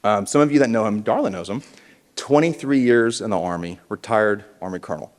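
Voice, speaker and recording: This keynote speaker at a realtors conference has a fairly low, brisk voice as he gives a punchy motivational talk. He gets the crowd calling back to him, and his words echo through the reverberant indoor conference hall.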